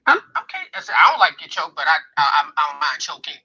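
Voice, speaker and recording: A man talks fast and loose in casual podcast chat, circling back and repeating himself. His tone is bright and a little high. The headset audio is dull and boxy. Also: husky. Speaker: guest. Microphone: headset mic.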